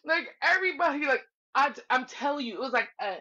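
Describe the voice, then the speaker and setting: A live stream commentator with a high voice tells gossip fast in a casual storytelling recap. She's animated, acting out quotes with big pitch jumps and laughter, on slightly dull lo-fi audio.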